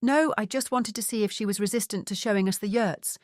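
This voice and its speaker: A woman voicing a calm, dry-witted male private investigator. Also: high voice, a little fast, no echo, lightly acted.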